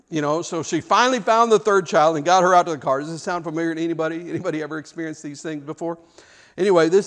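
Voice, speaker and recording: A man preaching a sermon, telling stories with restarts and rhetorical questions. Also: high-pitched. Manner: storytelling with repeated words and rhetorical questions. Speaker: pastor.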